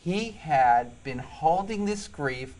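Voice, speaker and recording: A man's voice: a little high, expressive, slow pace, a little mellow, rough recording. A man with a New York accent, a psychologist and police officer, earnestly telling stories in an interview and repeating key points for emphasis. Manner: earnest storytelling, emphatic repetitions. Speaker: psychologist and police sergeant guest. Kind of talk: interview conversation.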